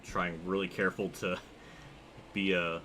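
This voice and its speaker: A young man streaming a racing game, chatting casually and reacting excitedly while reading his chat. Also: low voice, unhurried, slight background noise. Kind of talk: live gameplay commentary.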